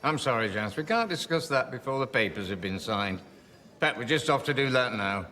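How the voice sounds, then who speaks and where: A man's voice: medium pitch, lively intonation, a little fast, sharp tone, a little hiss or hum. An actor playing a smug, evasive businessman in a TV sitcom.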